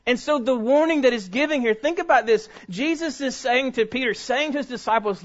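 A man preaching a sermon in a church, reading scripture aloud to his congregation with emphatic swings between loud peaks and hushed drops. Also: extremely high pitch, fairly quick, hardly any pauses. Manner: reads scripture aloud and speaks directly to the congregation. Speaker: pastor. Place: church sanctuary before a congregation. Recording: dull, muffled recording.

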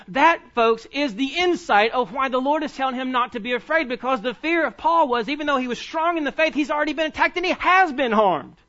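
A male pastor delivering a sermon in a church, urging his listeners to hear him. His voice sits very high and sounds bright and forceful. The recording is dull and lo-fi. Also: quick pace, few pauses. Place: church sanctuary.

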